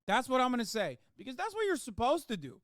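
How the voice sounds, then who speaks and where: A man's voice: very high voice, huge pitch swings, fast talker, fairly bright tone, no room sound, clean studio sound. A man doing livestream commentary, ranting sarcastically with plenty of swearing.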